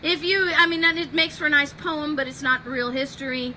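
A woman podcast host telling a history story in an animated way, acting out the quotes. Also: sits high, fairly quick, a little hiss or hum, rough recording.

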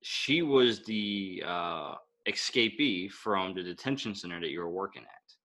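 Bright-voiced man running a tabletop game. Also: deep voice, measured pace. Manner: relaxed, explains rules with fillers. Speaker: game master.

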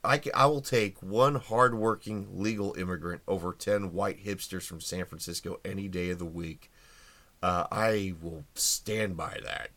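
A man's voice: deep voice, fairly even intonation, a little slow, a bit bright, dry recording. A man hosting a podcast, giving a casual opinionated monologue on the news with plenty of ums and uhs. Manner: wry, opinionated, many fillers. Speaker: podcast host. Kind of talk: casual political commentary monologue.

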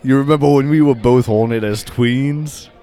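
A man's voice: mid-range voice, moderate pace, mellow, soft background music. A young man chatting casually while gaming, goofily narrating what he does. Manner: goofy, narrates his in-game actions. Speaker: gamer.

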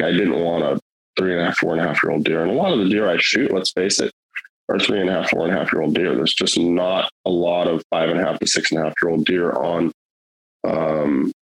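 A man's voice: sits low, vocal fry, a bit bright, breathy edge, poor audio. A middle-aged man telling a hunting story in casual, rambling, earnest talk, with many fillers and restarts.

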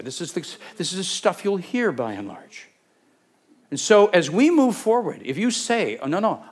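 Animated male preacher, lively pitch. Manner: animated, acts out Bible scenes with voices. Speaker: pastor. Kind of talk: sermon.

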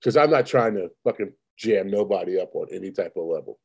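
Blunt, mellow-voiced man. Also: low-pitched, expressive, fairly quick, creaky, breathy edge. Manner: blunt, profane, matter-of-fact. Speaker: podcast co-host. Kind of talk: casual chat.

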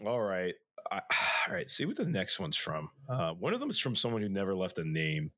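A hoarse young man co-hosts a casual podcast, with a low voice that swings up and down a lot. He rambles with many fillers and jokes, recorded close and dry. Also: wildly swooping pitch, normal speed, pushed and bright, no echo. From Philadelphia area. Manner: rambling, filler-heavy, joking. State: hoarse after illness. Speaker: podcast co-host. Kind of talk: casual chat.

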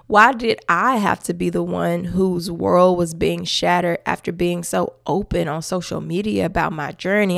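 A woman sharing her faith story in a lowish, gravelly voice, talking expressively and emphatically and breaking into laughter often. Her voice sounds dry and close, with no room echo. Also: normal speed. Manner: expressive and emphatic, with church-style asides to listeners. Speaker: podcast host sharing her testimony. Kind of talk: personal faith testimony, conversational.

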